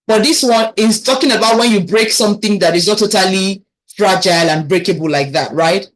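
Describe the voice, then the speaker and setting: A woman with a Nigerian accent leads a children's language lesson at a patient, steady pace. She says each phrase slowly, then repeats it so learners can copy her. Her pitch sits in a middle range for a woman. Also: poor audio. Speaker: language teacher.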